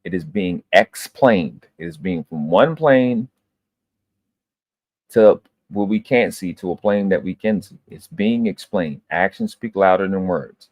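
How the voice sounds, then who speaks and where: Male stream host with a very low voice who lectures emphatically and swears freely, recorded close and dry. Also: animated, measured pace, a little mellow, no echo. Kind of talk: casual profane monologue.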